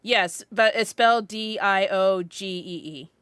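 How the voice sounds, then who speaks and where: A woman's voice: medium pitch, fairly even intonation, a little slow, a bit bright, clear, resonant tone, dry recording. A young woman co-hosting a casual podcast, telling a story in a rambling way, full of "like" fillers and restarts. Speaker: podcast co-host.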